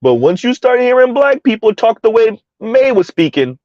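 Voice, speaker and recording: A man's voice: very high-pitched, sing-song, moderate pace, darkish tone, no room sound, dull audio. A man giving heated, mocking commentary in a ranting style, his voice jumping up sharply for emphasis. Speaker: online commentator.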